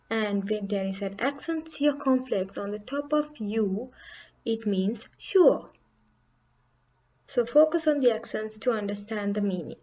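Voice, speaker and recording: A woman's voice: a little high, darkish tone, lo-fi sound. A woman teaching a beginner language lesson, saying each example word carefully and repeating it for learners to copy. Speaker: French teacher.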